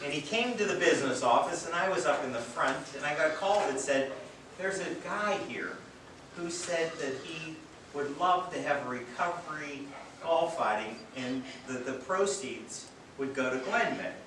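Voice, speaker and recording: A man with a somewhat higher voice tells heartfelt stories to a gathering, slipping in gentle jokes about himself. He sounds far from the mic, with heavy echo and audible background noise around him. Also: lively intonation, normal speed. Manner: earnest storytelling with light self-deprecating humor. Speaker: treatment center director giving a speech. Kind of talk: public speech at a charity event. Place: event venue, indoors or under a tent. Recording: very echoey, distant from mic, noisy.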